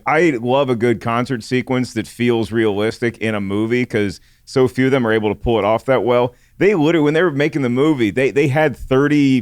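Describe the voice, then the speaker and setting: A man co-hosts a film chat and gives earnest, enthusiastic analysis. His voice is smooth and resonant, recorded close and dry. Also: medium pitch, dry recording. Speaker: podcast co-host. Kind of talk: casual film discussion.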